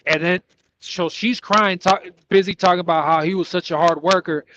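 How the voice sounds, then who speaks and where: A man with a somewhat high voice tells a local story in a lively, halting way, repeating words as he goes. His sound is muffled and a bit dull, with a faint hiss behind it. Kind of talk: casual chat.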